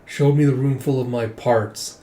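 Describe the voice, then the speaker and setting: A man's voice: mid-range voice, fairly even intonation, a little slow, warm tone, lightly acted. A man reading a blunt, guarded young woman fighter. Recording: roomy echo.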